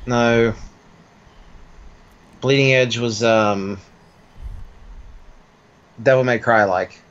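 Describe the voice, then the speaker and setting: A man's voice: medium pitch, fairly even intonation, extremely slow, a bit bright, muffled recording. A man chatting easily about video games, hedging his points and cursing mildly. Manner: easygoing, hedging, mild cursing. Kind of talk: casual gaming chat.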